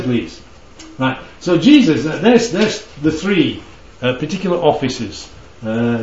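Preacher, chatty, echoey hall. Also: male voice, medium pitch, a little mellow, slight background noise. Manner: conversational, checks in with the audience often. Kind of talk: interactive Bible teaching. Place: church hall. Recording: dull, echoey hall from far off.

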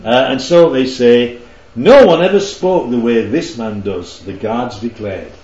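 A man's voice: medium pitch, measured pace, a little mellow, faint music behind. A man leading a group Bible study, teaching interactively and keeping the group involved with frequent check-ins. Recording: roomy, slightly dull recording.

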